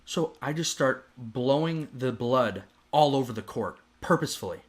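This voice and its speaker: A man on a podcast telling a story in casual chat, animated and profane, rambling with restarts. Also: medium pitch, moderate pace. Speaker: podcast host.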